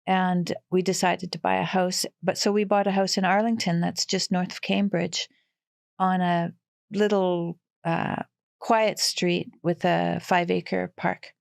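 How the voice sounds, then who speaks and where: A woman in her sixties from western Canada, a podcast guest telling family stories in a lively, animated way. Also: lowish voice, a little slow, gravelly, no echo, clean studio sound. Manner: animated, lively storyteller who laughs often. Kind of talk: casual storytelling.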